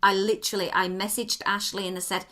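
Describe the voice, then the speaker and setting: British woman, podcast host, bright forceful tone, chatty and reassuring. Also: medium pitch, little pitch movement, quick pace. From Britain. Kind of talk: casual podcast chat.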